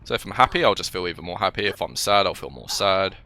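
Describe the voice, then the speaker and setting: Chatty young man, deep voice. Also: expressive, fast, sharp tone, slight background noise. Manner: chatty and rambling, with restarts, and talks to the game as he plays. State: slightly ill, coughing. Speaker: gaming channel host. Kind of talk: casual let's-play commentary.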